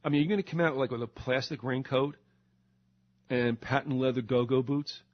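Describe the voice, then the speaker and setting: A man's voice: mid-range voice, fairly even intonation, fairly quick. An older man hosting a talk show, ranting in a sarcastic, indignant monologue with mocking asides. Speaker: radio talk show host. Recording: dull lo-fi recording.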